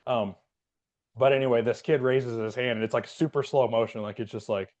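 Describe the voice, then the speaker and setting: A man's voice: mid-range voice, steady tone, brisk, a little mellow. A man, a podcast co-host and Air Force veteran, telling a rambling story in casual chat with lots of fillers. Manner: rambling, many fillers and restarts.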